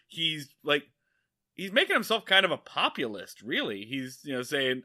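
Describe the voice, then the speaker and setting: Male host, animated and jokey, very bright, lively pitch. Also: moderate pace. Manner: animated, joking, casual swearing. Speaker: podcast host. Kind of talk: casual discussion.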